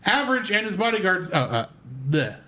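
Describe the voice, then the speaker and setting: A man co-hosting a film podcast, reading out a plot summary and trivia in a steady read-aloud way with small slips. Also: sits high, normal speed. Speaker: podcast co-host.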